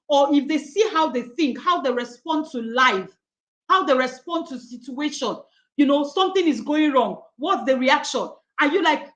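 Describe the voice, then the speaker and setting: A woman's voice: high voice, animated, measured pace, a bit bright, roomy sound, poor audio. A middle-aged woman coaching a study group on Proverbs, acting out quoted voices and laughing often. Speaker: coach leading a daily wisdom study. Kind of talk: teaching talk on Proverbs.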